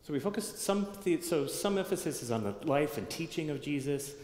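A man's voice: fairly high pitch, expressive, brisk, a little mellow. A man giving a conversational sermon to his congregation, thinking aloud, restarting phrases and checking in with the listeners. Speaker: pastor. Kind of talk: sermon teaching. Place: church sanctuary. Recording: echoey hall with long reverb.

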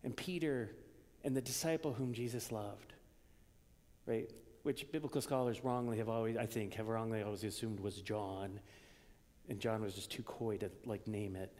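A man preaching a sermon in a conversational way, moving between loud emphasis and hushed near-whispers. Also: fairly low pitch, steady tone, moderate pace. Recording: long reverb of a church hall.

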